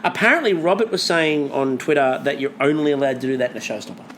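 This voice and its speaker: A man co-hosting a podcast in casual chat, animated, swearing freely and listing things off. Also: medium pitch, fast, noisy background. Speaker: podcast co-host.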